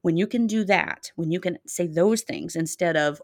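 A middle-aged woman, a child therapist, giving measured advice to parents in an interview, with many fillers and restarts. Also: on the low side, creaky, a little mellow, no echo, clean studio sound.

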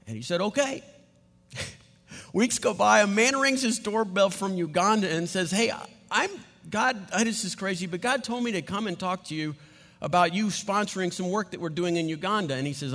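Male pastor, high voice, chatty animated sermon, recorded with long hall reverb. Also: moderate pace. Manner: animated, conversational, with laughs and restarts. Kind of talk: sermon storytelling.

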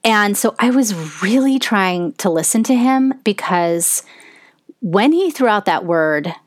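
A woman's voice: mid-range voice, lively intonation, a little slow, no room sound, clean studio sound. Candid, chatty woman podcast host. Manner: candid and conversational, heavy use of "like". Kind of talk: personal storytelling monologue.

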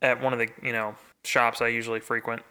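A man's voice: medium pitch, little pitch movement, fast, bright, forceful tone, clean tone. A man co-hosting a podcast in casual chat, enthusiastic and talkative with frequent restarts. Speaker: podcast co-host.

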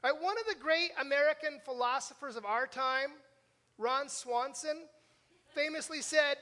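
A man's voice: very high-pitched, measured pace, bright, forceful tone. A male pastor preaching a sermon in a conversational way, tossing questions to the congregation and joking about himself. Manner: conversational, asks the congregation questions with frequent "right?"; self-deprecating humor. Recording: long reverb of a church hall.

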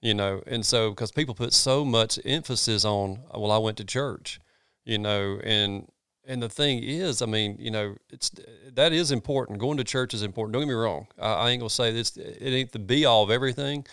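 A man's voice: mid-range voice, fairly quick, sharp tone, clean tone, no room sound, clean studio sound. A man, a pastor talking in a casual chat, earnest and folksy, with many restarts.

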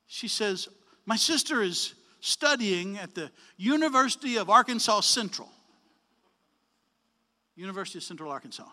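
A man telling a story in a sermon, animated, acting out the dialogue with changes of voice. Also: sits high, moderate pace, long pauses, long reverb tail. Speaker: preacher.

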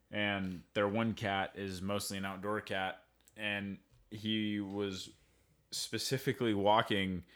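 A young man in casual podcast chat who tells lively anecdotes and swears freely, recorded on a home mic. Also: fairly low pitch. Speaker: podcast participant. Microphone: home mic on a remote podcast setup.

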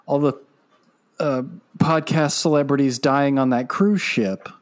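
Deadpan podcast man. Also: medium pitch, measured pace. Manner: dry, deadpan quips. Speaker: podcast co-host. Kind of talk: casual comedic chat.

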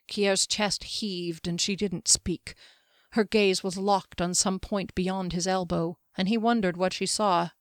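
Brief: female audiobook narrator, measured fantasy reading, dry close sound. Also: fairly low pitch, steady tone, no room sound.

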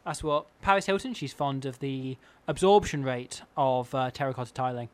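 A man co-hosting a comedy podcast, delivering absurd bits in a deadpan, mock-serious way. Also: mid-range voice, normal speed, clear, resonant tone. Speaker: podcast co-host.

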